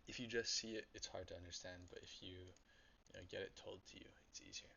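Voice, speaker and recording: Young guy with a low, gravelly voice, bright edge. Rambling casual coding walkthrough on a dull lo-fi mic. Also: fairly even intonation, a little fast. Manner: loose and rambling, swears, thinks aloud with many ums. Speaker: self-taught coder giving a web dev walkthrough. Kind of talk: casual screen-share coding tutorial. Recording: dull lo-fi mic with faint noise.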